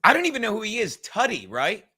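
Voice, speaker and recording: High bright-voiced guy hosting a podcast, swears a lot, rambles. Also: fast, slightly rough. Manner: profane, rambling, animated storytelling. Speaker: podcast host. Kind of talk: casual livestream chat.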